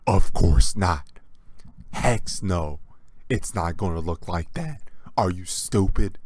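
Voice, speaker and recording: A man with a very low-pitched voice hosts a gaming reaction video. He rants in a mocking, exasperated tone and keeps repeating his lines for effect. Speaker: gaming channel host. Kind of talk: sarcastic reaction rant.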